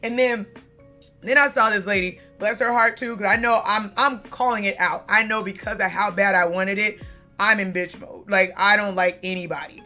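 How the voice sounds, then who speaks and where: A woman vlogger chatting to her viewers in a loose, animated storytelling mode, swearing freely and leaning on fillers. Her voice is bright and edgy, with a mid pitch. Soft music runs faintly behind her. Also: moderate pace. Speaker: card-collecting vlogger. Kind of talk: casual storytelling to camera.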